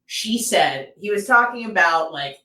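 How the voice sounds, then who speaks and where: A woman co-hosting a podcast, telling an animated story in casual chat with lots of fillers. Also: medium pitch, a little slow. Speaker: co-host. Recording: roomy, distant mic.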